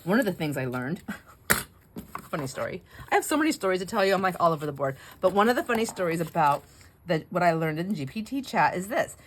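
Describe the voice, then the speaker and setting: Middle-aged lady rambling while she crafts, lowish voice, keeps cutting herself off, faint hiss behind. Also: very animated, a little fast. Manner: chatty, digressive, self-interrupting, laughs often. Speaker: craft channel host.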